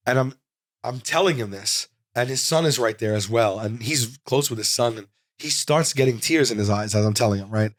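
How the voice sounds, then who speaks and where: A man's voice: mid-range voice, fairly quick, dry recording, clean studio sound. Man in his forties telling a rambling story. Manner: rambling, animated anecdote with frequent "like". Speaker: comedian guest. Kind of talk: casual storytelling in an interview.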